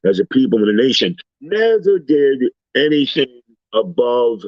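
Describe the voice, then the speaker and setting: A man swaps stories on a casual talk panel, animated and acting out the voices of the people he meets. His pitch sits in an ordinary middle range. The recording is dry, with a slightly dull, lo-fi tone. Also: unhurried, dry recording. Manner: animated storyteller, acts out quoted voices. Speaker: panel guest. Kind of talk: casual storytelling chat.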